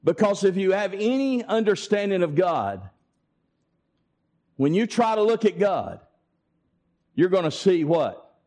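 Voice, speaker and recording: A man preaching a sermon, emphatic and deliberate, with dramatic pauses. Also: high voice, big pitch swings, darkish tone.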